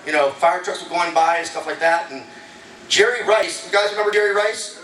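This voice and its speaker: A man's voice: sits high, fairly even intonation, fairly quick, fairly bright tone, recorded from a distance, slight background noise. A male stand-up comedian performing a casual, chatty set and bantering with a live audience on a comedy club stage. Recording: echoey club recorded from afar.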